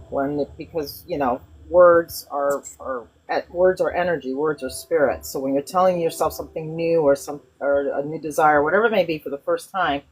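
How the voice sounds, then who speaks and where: A woman hosting a spiritual conversation who tells stories in an animated way, with frequent restarts. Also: low voice, slightly rough, rough recording. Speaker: host.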